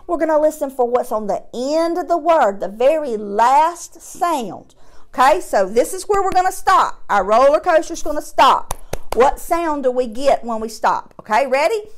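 A woman teaching a phonics lesson to young children, drawing out each sound slowly and patiently, with encouraging praise. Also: high-pitched, animated. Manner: slow, drawn-out sounding of word parts; encouraging, patient classroom delivery.

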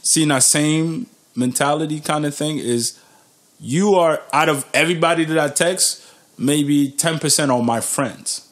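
A man's voice: on the high side, unhurried, a bit bright. A young man hosting a podcast in casual chat, laid-back and slangy, often restarting his sentences. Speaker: podcast host.

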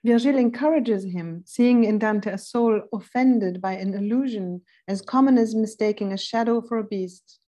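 A woman instructor giving a philosophy seminar lecture, thoughtful and pausing now and then to look up verse numbers. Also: on the high side, dark tone. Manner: reads quoted passages slowly and deliberately.

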